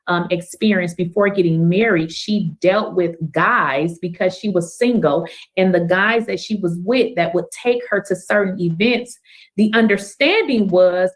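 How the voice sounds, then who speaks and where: A woman's voice: medium pitch, normal speed, rough recording. A woman hosting a reaction commentary, blunt and incredulous, firing rhetorical questions while facing a camera. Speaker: commentary host.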